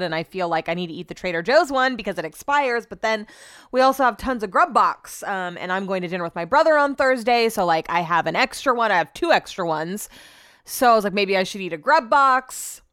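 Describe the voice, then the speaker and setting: A woman in her thirties from the United States hosts a solo podcast in a casual, rambling way, full of fillers and cheerful swearing. Her voice sits at an ordinary middle pitch. It is recorded close and dry, with no room sound. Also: a bit bright, clear, resonant tone, no echo. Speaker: podcast host.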